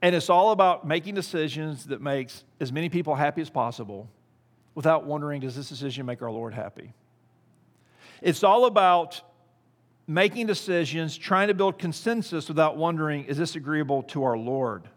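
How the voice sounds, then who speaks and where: A man's voice: fairly high pitch, moderate pace, big-room sound. Middle-aged man preaching a sermon. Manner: storytelling, then rising to emphatic preaching. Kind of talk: sermon with personal story.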